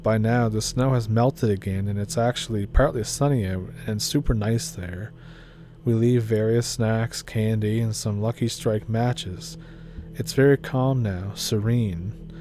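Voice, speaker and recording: A man reading a first-person story aloud as scripted narration, in a steady, low-key storytelling manner. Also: measured pace, faint music behind.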